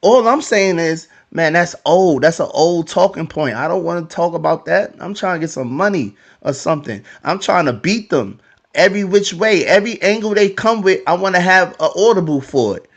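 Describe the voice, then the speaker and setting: A man's voice: sits high, animated, fairly quick. A man hosting a heated podcast debate, arguing and repeating himself. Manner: argumentative, repeats phrases.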